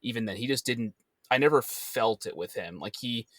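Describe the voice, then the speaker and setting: A man co-hosting a podcast in casual chat, rambling and trailing off quietly. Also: mid-range voice, moderate pace, no room sound, clean studio sound. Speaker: podcast co-host.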